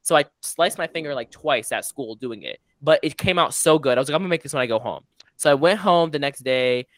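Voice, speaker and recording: A young man chatting casually with his cousins, telling stories in an animated way and acting out the voices of the people in them. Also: a little high, fairly quick, no room sound. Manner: animated storyteller who acts out voices. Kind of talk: casual chat among cousins.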